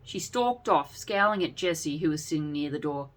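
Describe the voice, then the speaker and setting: A woman reading a serialized story aloud with an expressive delivery. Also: low voice, normal speed, few pauses. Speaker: narrator. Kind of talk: storybook narration.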